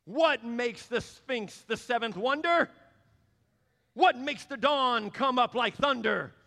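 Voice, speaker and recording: A boastful, cowardly lion, as a preacher puts him on from a storybook film. He rhymes in a raised, bright, sing-song voice. The sound carries a long echo from a large hall. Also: very high-pitched, takes it slowly, gravelly, voice pushed up, exaggerated voice. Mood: blustering. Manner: rhyming, sing-song bluster.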